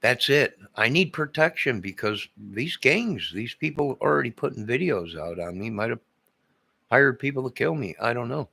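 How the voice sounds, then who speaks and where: A man's voice: mid-range voice, expressive, moderate pace, creaky, sharp tone, husky, dry recording. An older man, a vlogger, in an agitated, repetitive, rambling monologue.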